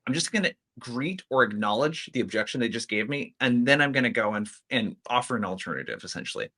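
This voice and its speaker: A man's voice: medium pitch, sing-song, quick pace, pushed and bright. A man, a sales expert, explaining a technique step by step in an interview.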